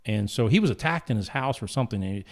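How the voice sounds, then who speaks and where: A man's voice: on the low side, expressive, fast talker. A man hosting a casual conversation, rambling through stories with frequent restarts. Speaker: podcast host.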